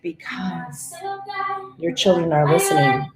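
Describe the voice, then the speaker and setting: A middle-aged woman leading a live-streamed breathing and affirmation session, energetic and encouraging, calling out viewers by name. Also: deep voice, slow. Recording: roomy echo with faint music.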